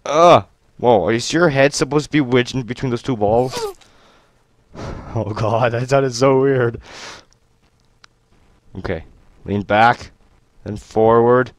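A young man doing gameplay commentary on a headset mic at home, excitable and yelping at the game. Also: mid-range voice, takes it slowly, pauses often, dry recording. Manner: excitable, yelps and shouts at the game. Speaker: gaming YouTuber.

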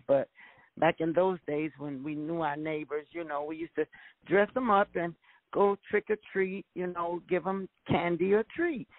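A woman's voice: on the low side, no room sound. A woman evangelist calling into a talk show, chatting casually with friendly asides. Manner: lively and laughing, friendly asides. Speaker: evangelist caller. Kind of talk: casual chat. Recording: dry, tinny phone line.

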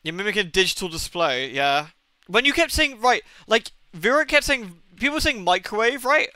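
A young man chats loosely to his viewers while playing a game, with frequent cursing and exasperated tangents. His voice sits a little high for a man and sounds bright and crisp. It is recorded dry and close, with faint game music underneath. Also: big pitch swings, moderate pace, no echo. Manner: swears often, rambling and exasperated, talks to chat. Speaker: streamer. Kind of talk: casual live-stream chat while gaming.

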